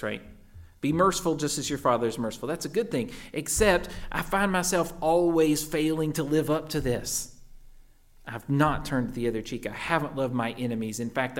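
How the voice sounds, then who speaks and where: A man who is a parent of a young child, preaching a sermon in a conversational way, often tagging "right?" onto his points and moving between raised emphasis and hushed asides. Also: mid-range voice. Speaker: pastor.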